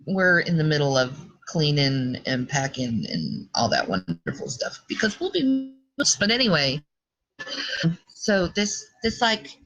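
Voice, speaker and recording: A woman with a lowish, fairly bright voice, from the American South but with a Minnesota accent, rambles in a live video hangout. Scattered, she breaks off mid-stream to talk to her children. The video-call audio is dull and lo-fi.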